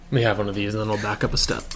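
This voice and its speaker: A man's voice: lowish voice, vocal fry, heavy background noise. A man hosting a casual podcast interview, talking loosely and meandering as he thinks aloud. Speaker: podcast host.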